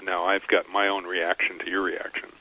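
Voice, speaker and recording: A man's voice: sits low, level tone, normal speed, lo-fi sound. A man hosting a radio interview who rephrases his questions thoughtfully and hesitantly. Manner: thoughtful, hesitant, with many fillers. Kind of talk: conversational interview.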